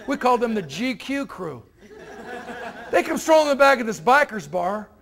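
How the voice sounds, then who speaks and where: A man's voice: high-pitched, vocal fry. A man giving a motivational keynote to university students, telling stories and acting out the characters in them. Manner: animated, acts out characters in his stories. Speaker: motivational speaker. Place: university event hall.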